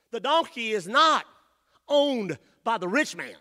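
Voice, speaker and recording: A man preaching a sermon as pastor in a church, rising to shouted emphasis and dropping to quiet asides. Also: extremely high pitch, big pitch swings, a little slow. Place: church sanctuary.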